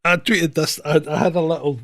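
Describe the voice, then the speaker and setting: A man's voice: fairly high pitch, steady tone, a little fast, a bit bright. A Scottish man co-hosting a casual talk show, telling stories and acting out the people in them. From Scotland. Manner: storytelling with laughs, acts out quoted voices. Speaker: podcast co-host, former police officer. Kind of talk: casual anecdotal chat.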